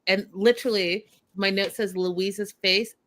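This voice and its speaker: A woman hosting a casual recap of a reality show, animated and talking straight to her viewers. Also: medium pitch, a little slow. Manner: animated, addresses viewers directly. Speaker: show host.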